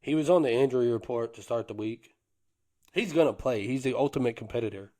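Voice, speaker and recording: A man's voice: medium pitch, brisk, a little mellow. Fired-up male sports podcaster. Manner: fired-up, boastful fan talk with Southern slang like "them boys" and "cuz". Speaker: podcast co-host. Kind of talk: hyped sports podcast talk.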